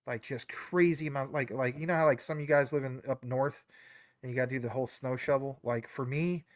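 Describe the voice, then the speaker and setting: On a studio-quality recording with no echo, a man hosts a live stream in a steady, medium-pitched voice, talking a little fast. He rambles casually, piling on fillers and tangents, his nose slightly stuffy and his voice a little choked up.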